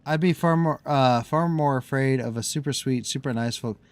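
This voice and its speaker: A man's voice: medium pitch, moderate pace, clear, resonant tone. A man from the US Midwest streaming a game, chatting casually as he plays, rambling and breaking off mid-thought with frequent laughs. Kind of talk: casual live-stream commentary.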